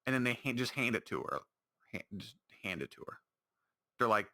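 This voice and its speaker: Man, podcast host, solo rambling rant, exasperated, bright voice, middle pitch. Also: very animated, fairly quick, pauses often. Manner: rambling, exasperated ranting with frequent restarts. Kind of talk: solo casual podcast monologue.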